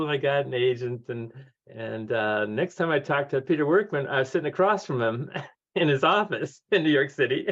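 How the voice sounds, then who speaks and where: A man in his sixties, a guest author telling lively stories, acting out the voices of people he quotes and laughing often. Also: fairly high pitch, fairly quick. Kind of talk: conversational storytelling. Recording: dull lo-fi audio.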